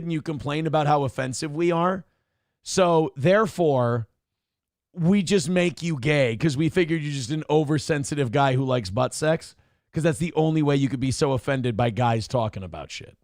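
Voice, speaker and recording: Brash high-voiced man hosting a stream. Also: no echo, clean studio sound. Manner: loud, swings between joking shouts and low asides. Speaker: show host reading chat donations. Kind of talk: casual livestream chat.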